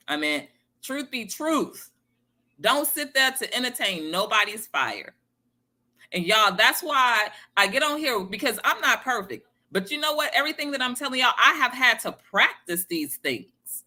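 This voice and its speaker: Emphatic woman with a lively voice. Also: medium pitch. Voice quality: emphatic, repeats key phrases, addresses viewers by name. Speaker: motivational speaker. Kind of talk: casual motivational talk to viewers.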